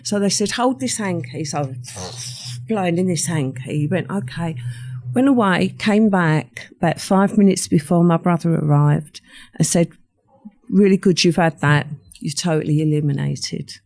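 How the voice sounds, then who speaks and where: A woman's voice: on the low side, normal speed, a little mellow. An older woman, a podcast guest recounting a personal story in conversation and acting out what others said. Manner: vivid storyteller who acts out what others said.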